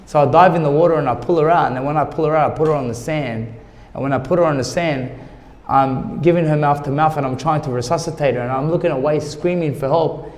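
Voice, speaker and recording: Fast-talking and on the high side, the man is a former boxer opening up about his life in an interview. He grows emotional, re-enacting others' dialogue in quotes, and his voice echoes with long hall reverb.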